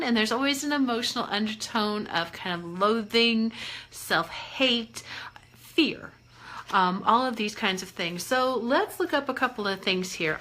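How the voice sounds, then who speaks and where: A woman's voice: a little high, bright, forceful tone, poor audio. A woman life coach talking casually and playfully on a self-help live stream, chatty and encouraging. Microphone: webcam or phone on a live stream.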